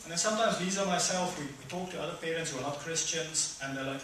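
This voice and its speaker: A middle-aged man preaching a conversational sermon, acting out voices with sudden loud high bursts. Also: steady tone, fast talker, few pauses, recorded from a distance, a little hiss or hum. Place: church hall. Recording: echoey hall, speaker away from mic.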